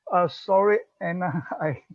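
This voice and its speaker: A speaker with a Singaporean English accent giving a parenting talk, explaining slowly, chuckling and acting out parent-child dialogue. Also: mid-range voice, gravelly, dry recording. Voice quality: slow explaining, mixes in Chinese phrases. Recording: dull, muffled recording.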